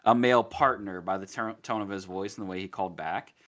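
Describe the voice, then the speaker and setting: A young man in his twenties telling rambling work stories in a casual podcast chat. His voice sits a little low. He talks loosely, full of fillers and restarts. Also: fast, crowd noise. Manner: rambling anecdotal storyteller. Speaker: podcast co-host.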